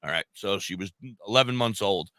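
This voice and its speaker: Bright, dry-voiced Long Island man rambling. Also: fairly low pitch, brisk, dry recording. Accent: Long Island New York. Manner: rambling, restarts, swears casually. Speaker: podcast co-host. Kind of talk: casual storytelling chat.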